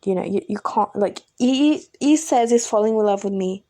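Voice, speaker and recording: A woman's voice: mid-range voice, moderate pace, dark tone. A young woman hosting a podcast, telling a personal breakup story in a candid, exasperated way and swearing freely. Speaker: podcast host.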